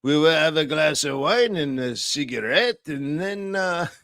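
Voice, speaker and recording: A man doing a carefree, party-loving French central banker in a deliberately bad fake French accent. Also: a little high, expressive, a bit bright, clean tone, no echo, studio quality, voice pushed up. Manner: breezy, carefree, chuckling.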